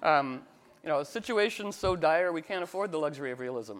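A man teaching astrology in a casual talk, rambling with many fillers and restarts, acting out quoted voices with sudden jumps in pitch. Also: lively intonation, brisk, a bit bright.

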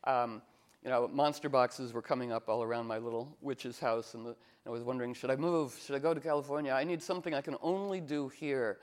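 A man acting as a teacher gives an informal spiritual talk, telling playful stories and acting out the voices of the people he quotes. His voice is medium-pitched and fairly quick.

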